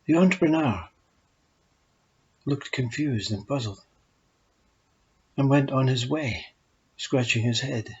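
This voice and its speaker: A man calmly telling short spiritual parables in a measured, unhurried way. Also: mid-range voice, husky. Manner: calm, measured storytelling. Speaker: storyteller. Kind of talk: spoken parables. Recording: dull lo-fi recording.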